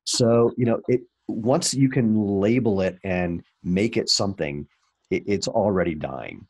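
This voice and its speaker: A man in his fifties, a guest on a podcast interview, talking in a wry, animated way with fillers and restarts. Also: on the low side, unhurried, breathy edge. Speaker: entrepreneur guest.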